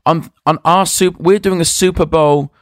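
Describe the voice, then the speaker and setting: A man guesting on a casual podcast, telling a long story in a rambling, hesitant way, full of pauses and restarts. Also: a little high, fairly even intonation, dry recording, studio quality. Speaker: guest magician.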